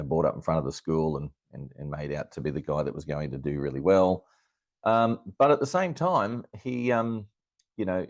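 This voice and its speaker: A middle-aged Australian man with a low, deep voice recounts a childhood story as an interview guest. He talks in a lively, anecdotal way, chuckling and circling back with fillers and restarts. The recording is dry and close, with no room sound. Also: no room sound. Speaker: astrologer guest.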